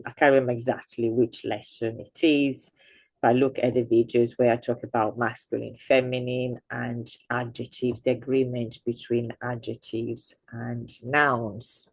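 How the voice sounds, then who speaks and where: Her voice is rumbling low and a little mellow, captured in a dry recording. She teaches an online language lesson slowly, with many fillers and restarts, exaggerating her intonation for learners.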